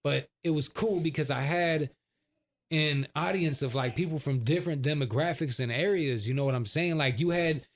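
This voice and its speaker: A man's voice: fairly high pitch, normal speed. A man, a podcast co-host telling stories in a casual, slangy, laid-back way. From San Francisco Bay Area. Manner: slangy, laid-back, acts out quoted people. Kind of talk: casual storytelling chat.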